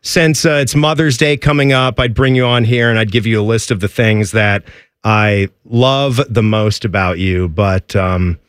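A man's voice: lowish voice, steady tone, unhurried, clear, resonant tone, no room sound, studio quality. A man co-hosting a sports radio talk show, chatting in a playful, teasing way. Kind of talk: casual sports radio banter. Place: radio studio.

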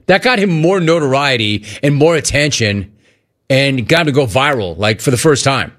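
Animated sports radio host, man. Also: mid-range voice. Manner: animated, mocking, quick asides. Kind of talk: casual sports radio talk.

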